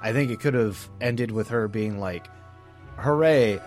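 Laughing casual podcast co-host, lowish voice. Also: male voice, steady tone, normal speed, faint music behind. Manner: laughs often, does silly voices when quoting. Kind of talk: casual chat. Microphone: remote podcast mic.

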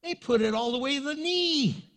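A male pastor preaching a sermon in a church, animated and joking, repeating his points for emphasis. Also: very high-pitched, moderate pace.

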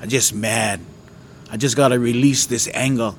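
A man from Hawaii telling a lively personal testimony, shouting out parts of the story. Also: mid-range voice, normal speed, over music. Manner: animated storyteller, shouts when reenacting. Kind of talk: casual testimony.

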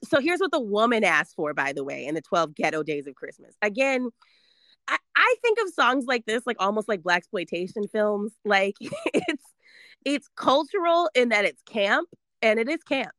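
A woman in her thirties, hosting a casual chat, animated and laughing as she talks. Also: a little high, normal speed, no room sound, clean studio sound. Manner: animated, laughing, reads lyrics aloud playfully.

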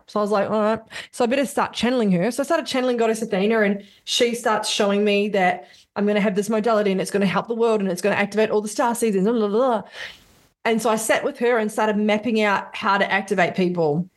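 Sweary woman, excited storyteller. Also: mid-range voice, fast. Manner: swears freely and acts out quotes. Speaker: business coach guest. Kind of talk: casual podcast interview.

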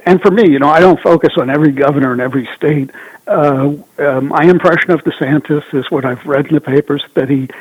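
Husky man on a tinny phone line. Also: mid-range voice, dry recording. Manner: measured, hesitant with fillers. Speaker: guest commentator. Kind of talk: casual political talk.

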